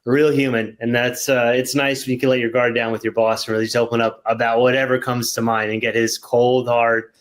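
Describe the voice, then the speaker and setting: A man in casual chat, speaking in a relaxed, reflective way and often giving short agreements. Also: medium pitch, fairly quick, hardly any pauses. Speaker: podcast host.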